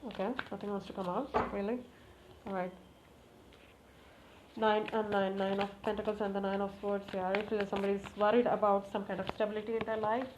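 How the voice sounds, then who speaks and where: A woman giving a casual tarot reading to camera, talking to the cards, repeating requests and exclaiming with excitement. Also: medium pitch. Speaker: tarot reader. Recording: slightly muffled, faint background noise.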